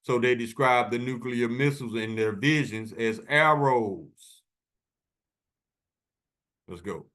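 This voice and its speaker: An emphatic male host talks over video clips in a loose, preachy style, leaning hard on certain words and repeating them. His pitch sits at an ordinary middle height for a man. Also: slow pace, pauses often, fairly bright tone. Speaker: channel host.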